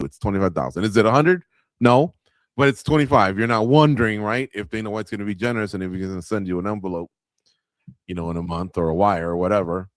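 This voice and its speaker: A man whose voice sits on the low side hosts a fight-night watch-along live, in the manner of a radio host. His talk is loose and conversational, aimed at viewers and scattered with filler words, recorded dry with clean studio sound.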